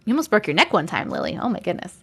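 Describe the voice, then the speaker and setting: A woman's voice: fairly low pitch, wildly swooping pitch, rapid-fire, gravelly, breathy edge. A woman hosting a live stream, chatting casually with viewers, reading out their comments and laughing often. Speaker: livestream host reading viewer stories.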